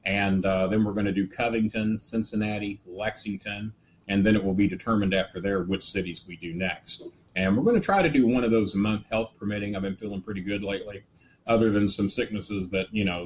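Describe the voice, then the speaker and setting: An older man, hosting a casual live stream in a rambling, folksy way with joking asides. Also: on the low side. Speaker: host. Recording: faint ambient noise.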